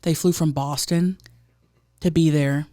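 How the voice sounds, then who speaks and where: Loud, low-voiced woman telling a story. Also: fairly even intonation, measured pace, dry recording, studio quality. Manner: storytelling, quoting others in put-on voices. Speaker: podcast co-host. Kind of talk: casual chat.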